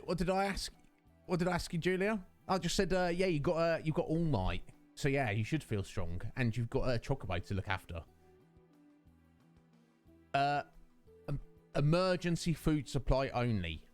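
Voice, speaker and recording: A man hosting a live game stream, his mid-pitched voice swinging freely up and down as he talks. He chats fondly with his viewers and rambles loosely from one thought to the next. Soft game music plays faintly underneath. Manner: affectionate, rambling, chatting with viewers. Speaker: Twitch streamer.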